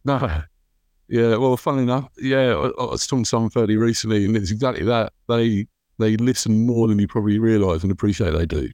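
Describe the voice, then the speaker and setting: Low-voiced podcast host. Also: male voice, fairly quick, darkish tone, no room sound. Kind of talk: casual conversation.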